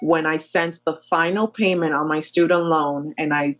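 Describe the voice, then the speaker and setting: Woman in her thirties, airline captain, animated storyteller, lots of ums, lowish voice. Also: moderate pace, soft background music. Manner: animated storyteller, full of fillers. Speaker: airline captain, podcast guest. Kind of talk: storytelling interview chat.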